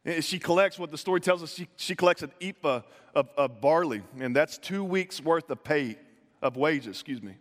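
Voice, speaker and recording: A pastor preaches a conversational sermon, telling the story playfully with modern asides and stammered restarts. His voice sits on the high side at a moderate pace, in an echoey hall with long reverb.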